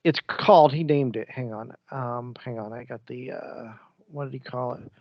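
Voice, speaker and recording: A man co-hosting a podcast, rambling through stories with animated energy. His voice sits in the middle range. The recording is dull and lo-fi in a dry room. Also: mid-range voice, moderate pace, no room sound. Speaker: podcast co-host. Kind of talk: casual chat.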